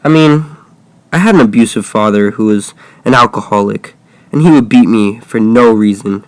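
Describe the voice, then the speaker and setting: A man's voice: on the low side, moderate pace, no echo. Casual young man improvising a story. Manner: casual, offhand, jokey asides. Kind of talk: improvised first-person horror story.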